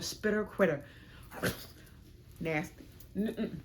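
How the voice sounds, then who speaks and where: A young woman telling a storytime on her vlog, frank, animated and profane. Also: low voice, moderate pace, long pauses, a little hiss or hum. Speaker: vlogger.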